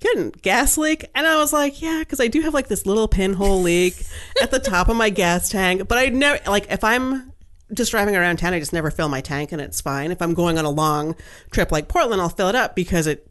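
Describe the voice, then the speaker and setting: A woman telling a long story in casual chat, animated and chatty, laughing often and filling her talk with fillers. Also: medium pitch, fairly quick.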